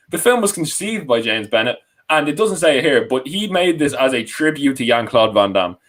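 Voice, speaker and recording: On a rough recording, a young man from Ireland hosts a casual podcast live stream, laughing often while he rambles and corrects himself introducing guests. His medium-pitched, fairly bright voice swings widely in pitch, and he talks a little fast with few pauses.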